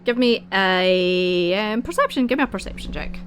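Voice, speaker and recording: A woman's voice: mid-range voice, expressive, moderate pace, background noise. Giggly woman running a tabletop game. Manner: casual, giggly, searching for words with many ums. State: hiccups. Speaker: game master.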